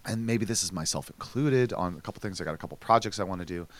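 A man co-hosting a podcast, chatting casually and telling his plans with animated restarts. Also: low voice, fast talker, no room sound. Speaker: podcast co-host. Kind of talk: casual chat.

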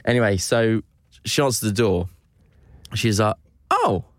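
A man's voice: fairly low pitch, normal speed, dry recording, clean studio sound. A man in his thirties chatting casually as a co-host, telling stories and acting out the people in them. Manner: animated storyteller, acts out quotes. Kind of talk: casual chat.

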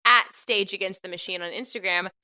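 A woman's voice: medium pitch, brisk, smooth. A woman co-hosting a podcast in casual, playful chat, her voice congested from a cold. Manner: playful, lively banter. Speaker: podcast co-host.

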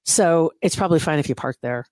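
A woman's voice: low voice, fairly quick, a little mellow, no echo, clean studio sound. A woman chatting casually and telling a story, wry and exasperated, laughing often between lines. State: recovering from knee surgery. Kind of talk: casual chat.

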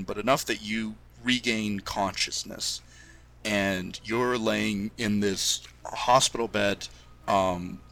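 A man's voice: on the low side, bright, forceful tone. A man narrating as game master of a tabletop role-playing game, hesitant, with frequent ums and restarts.

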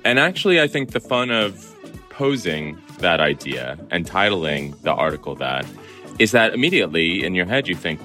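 Deep, bright-voiced male columnist guest. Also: moderate pace, faint music behind. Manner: playful and animated. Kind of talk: interview conversation.

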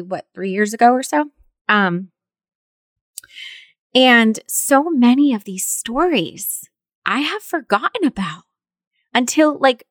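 A woman's voice: medium pitch, no echo, studio quality. A woman in her thirties hosting a podcast, talking in an upbeat, chatty way and laughing often. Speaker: podcast host. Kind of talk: casual podcast talk.

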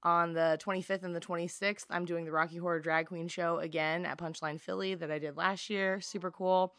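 A tired woman co-hosting a podcast, chatting casually and laughing often, her voice lower than usual. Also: fairly even intonation, brisk, a bit bright, clean tone, no room sound. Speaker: podcast co-host and stage actor. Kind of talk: casual chat.

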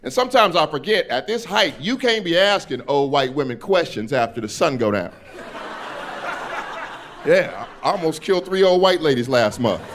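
A man performing a stand-up comedy set on a club stage, animated and acting out characters. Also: a little high, normal speed, slight background noise.

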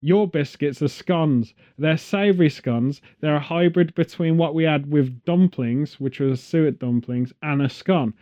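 English male host, higher-pitched, sarcastic comic rants; dull lo-fi recording. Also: unhurried, few pauses, warm tone. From England. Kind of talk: casual chat.

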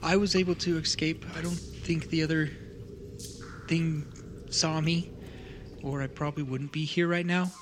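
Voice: mid-range voice, steady tone, noisy background, voice pushed up, natural voice. A game master voicing a frightened young dragonborn that stutters and hyperventilates. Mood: shaken. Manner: stammering, halting.

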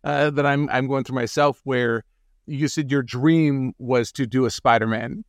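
A man's voice: mid-range voice, steady tone, unhurried, dry recording. A man hosting an interview podcast, chatting casually and giving brief reactions to his guest. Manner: brief encouraging interjections and laughter. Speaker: podcast host.

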